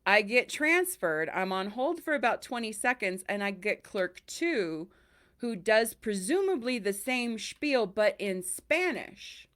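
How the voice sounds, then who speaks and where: A woman's voice: medium pitch, unhurried. A woman hosting a podcast, telling stories in a casual chat and acting out the voices she quotes. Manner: animated, acts out quoted voices. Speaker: podcast host.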